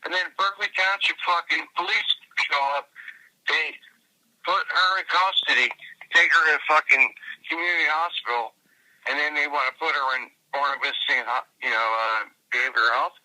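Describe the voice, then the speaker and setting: Man, phone call recording, profane rambling storyteller, very bright tone. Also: on the high side, steady tone, normal speed. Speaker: interviewee. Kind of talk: casual phone conversation.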